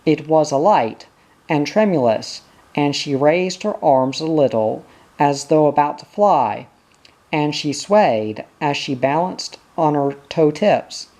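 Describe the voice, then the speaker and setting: A reader reading a children's novel aloud in a measured, gentle, unhurried way. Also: medium pitch, lively intonation. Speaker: audiobook reader.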